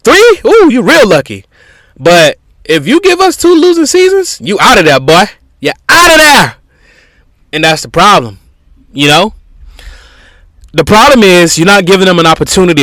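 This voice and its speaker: A man's voice: a little high, sharp tone, no room sound. A man hosting a podcast, giving opinionated sports commentary in an emphatic, conversational way with frequent restarts. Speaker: podcast host.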